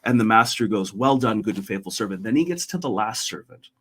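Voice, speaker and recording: A man's voice: lowish voice, expressive, fairly quick, fairly bright tone, breathy edge. A middle-aged man, a podcast guest, talking earnestly and retelling a parable in a conversational way. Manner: retells a parable, voicing characters lightly.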